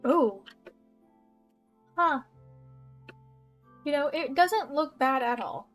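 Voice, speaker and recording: A woman's voice: sits high, lively intonation, very slow, soft background music. Bubbly young woman chatting over gameplay. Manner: chatty and bubbly, giggles and trails off. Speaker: gaming YouTuber. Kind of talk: casual gameplay commentary. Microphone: desk mic with audible keyboard.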